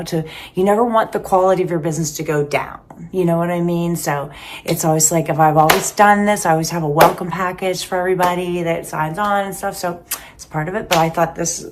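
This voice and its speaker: A woman's voice: lowish voice, background noise. Chatty upbeat woman in her fifties vlogging. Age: 50s. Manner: chatty and upbeat, rambling with asides and fillers. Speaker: personal trainer and bodybuilder vlogger. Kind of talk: casual vlog chat to camera.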